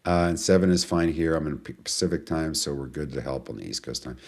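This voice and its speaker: A man's voice: a bass voice, quick pace, darkish tone. A man hosting a live webinar in a chatty, rambling way, greeting viewers and answering their questions. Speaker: webinar host. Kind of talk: casual live webinar talk.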